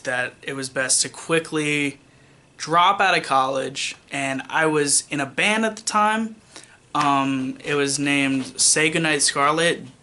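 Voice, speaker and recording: A man's voice: medium pitch, bright, forceful tone. Young man rambling through a personal story. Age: young adult. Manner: rambling, with many fillers and restarts; wry, self-mocking asides. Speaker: vlogger.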